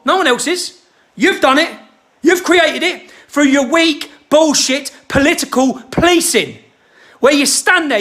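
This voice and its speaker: A man delivering a heated, shouting rant to the camera. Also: very high voice.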